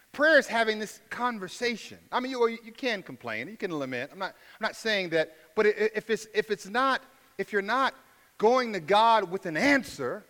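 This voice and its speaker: A man's voice: high voice, fairly bright tone, in a large hall. A man preaching a sermon as a pastor, often stammering and restarting, acting out heartfelt prayers.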